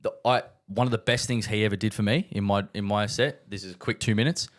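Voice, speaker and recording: A man's voice: fairly low pitch, quick pace. A young man, co-hosting a casual podcast chat, telling stories with lots of repeats and swearing. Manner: animated storyteller, repeats himself, swears. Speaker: podcast co-host.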